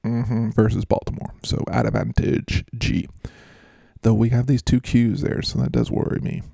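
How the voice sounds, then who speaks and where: A man talks through fantasy football matchups in a casual, joking, rambling way, mocking himself as he goes. His voice is low and gravelly with a dark, mellow tone. The sound is dry and close. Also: very animated, normal speed, no echo.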